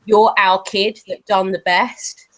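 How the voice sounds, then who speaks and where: A woman's voice: medium pitch, flat delivery, takes it slowly, fairly bright tone, low-quality recording. A woman chatting casually with friends. She halts and restarts often, filling gaps with "um" and "like". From Britain. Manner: hesitant, many fillers. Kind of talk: casual group chat.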